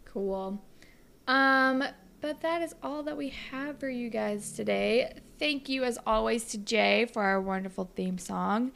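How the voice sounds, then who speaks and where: A young woman co-hosts a casual podcast, her voice sitting a little high with a noticeable gravelly fry. She rambles through her stories, leaning on "like" and quick asides. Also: a bit bright. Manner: rambling storyteller, full of "like". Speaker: podcast co-host. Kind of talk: casual chat.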